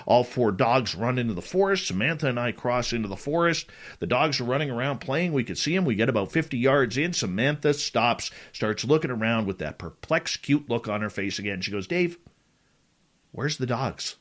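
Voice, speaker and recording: A middle-aged man hosting a talk radio show, spinning a story out loud. His pitch swings up and down as he acts out each line of dialogue. He keeps it casual and dramatic throughout. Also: moderate pace. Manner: animated, dramatic retelling with quoted dialogue. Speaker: radio show host telling a personal story.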